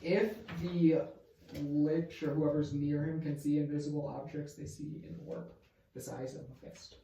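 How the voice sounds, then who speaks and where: A man's voice: a little high, level tone, unhurried, vocal fry, mellow. A man playing a tabletop game, rambling and joking and saying "like" a lot. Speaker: player. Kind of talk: casual tabletop play. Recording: very echoey room, distant mic.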